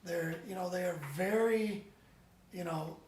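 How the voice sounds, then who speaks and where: A man, a band member guest, chatting casually in an interview as an animated, rambling storyteller with many restarts. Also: sits high, measured pace, slight background noise. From United States. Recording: roomy echo, distant mic.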